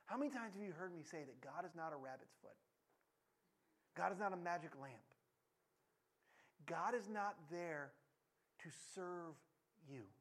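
Animated preacher man, jumpy pitch. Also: unhurried, pauses often. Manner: animated, voice jumps up and cracks when telling stories; drops low and quiet for serious points. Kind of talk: sermon with personal storytelling.

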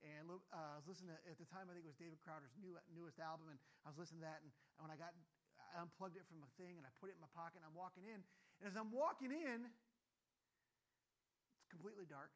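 Animated storytelling male pastor. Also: fairly high pitch, fast. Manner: animated, acts out scenes with sudden loud exclamations; conversational, with many asides and fillers. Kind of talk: sermon with personal storytelling.

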